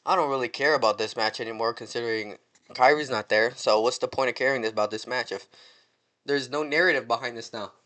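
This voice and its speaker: A man giving casual predictions in an excitable, slangy, rambling way, often restarting his sentences. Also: mid-range voice, fairly quick. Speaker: wrestling fan vlogger.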